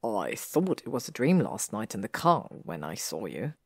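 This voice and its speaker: A woman voicing a haunted, pleading young man in a read-aloud audiobook story, speaking slowly and quietly. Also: extremely low pitch, big pitch swings, gravelly, husky, no echo, clean studio sound, voice pushed down, heavily acted. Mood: haunted urgent. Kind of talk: audiobook reading of fan fiction.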